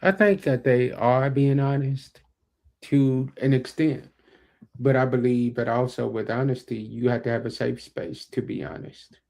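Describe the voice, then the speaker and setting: A man's voice: medium pitch, steady tone, measured pace, vocal fry, a little mellow. A man co-hosting a podcast, talking emphatically and repeating his points. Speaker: podcast co-host and executive producer. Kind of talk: casual podcast chat.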